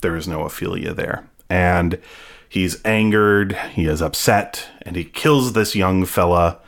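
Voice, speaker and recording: A man with a notably deep, low-pitched voice talks through an episode in a relaxed podcast chat. He rambles along with plenty of fillers and throws in playful asides as he recaps. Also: measured pace, vocal fry. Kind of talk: casual chat.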